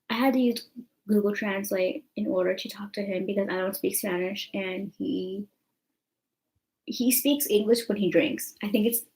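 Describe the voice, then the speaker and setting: A woman's voice: medium pitch, a little mellow, low-quality recording. A young woman telling a story to her camera in a rambling, chatty way, full of fillers. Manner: chatty, rambling, full of fillers like "you know what I'm saying". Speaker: vlogger.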